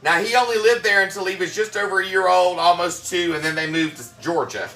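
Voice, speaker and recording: Southern woman, South Carolina twang, bright tone, chatty cooking-stream host who laughs a lot. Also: on the low side, fairly quick. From South Carolina, USA. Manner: chatty and folksy, laughs often, greets viewers warmly. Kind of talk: casual chat while cooking live.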